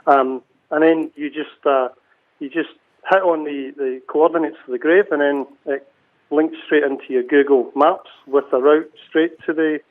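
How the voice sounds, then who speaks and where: A man's voice: fairly high pitch, fairly even intonation, normal speed. A Scottish man, a cemetery chief, chatting as a guest on a radio call with frequent restarts. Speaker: cemetery CEO, phone guest. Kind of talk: casual radio interview. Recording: phone line.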